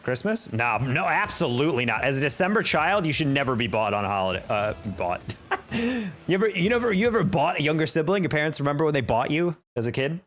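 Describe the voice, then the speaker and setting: A man's voice: medium pitch, very animated, a little fast, fairly bright tone. A young man streaming a game, chatting casually with his viewers and telling stories with a laugh. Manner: chatty, storytelling, laughs often. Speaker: streamer answering chat. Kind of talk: casual livestream chat while gaming. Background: faint music.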